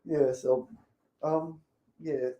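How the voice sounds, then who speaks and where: A woman's voice: low voice, fairly even intonation, very slow, reverberant, muffled recording. A woman co-hosting a casual podcast chat, matter-of-fact and opinionated. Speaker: podcast co-host.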